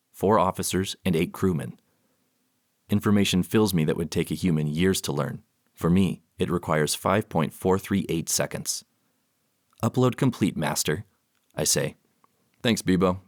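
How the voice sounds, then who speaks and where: A man narrates an audiobook from a script, telling the story in a measured, even manner. His voice sits low, and the studio sound is clean with no echo.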